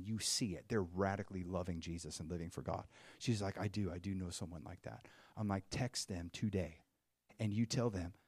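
A man preaching a sermon, telling a story with animated swings between hushed and excited delivery. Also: fairly low pitch, dry recording, studio quality.

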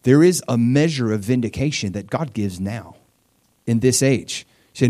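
A man's voice: mid-range voice, lively intonation, moderate pace, warm tone. Earnest middle-aged male preacher. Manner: earnest, emphatic, often repeats and restarts words. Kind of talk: conversational sermon.

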